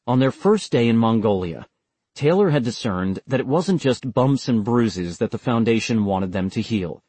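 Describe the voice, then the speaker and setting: A man reading scripted audiobook narration in a steady, measured way. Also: mid-range voice, husky, no room sound.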